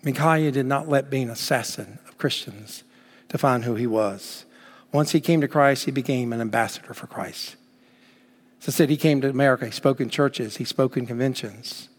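A man preaching a sermon emphatically, swinging between loud exclamations and hushed words. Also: medium pitch, moderate pace. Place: church sanctuary. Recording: long reverb of a church hall.

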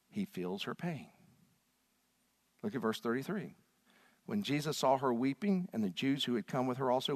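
A man preaching a sermon, swinging from hushed, low lines to loud, shouted ones. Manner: dramatic swings from quiet to shouting. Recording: long hall reverb.

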